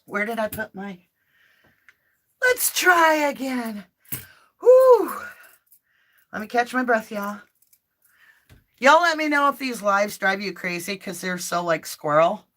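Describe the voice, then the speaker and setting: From her home office, a woman hosts a live tarot reading, chatting informally with viewers, often addressing them directly, and saying prayers aloud. Her voice is medium-pitched and sharp in tone, at normal speed.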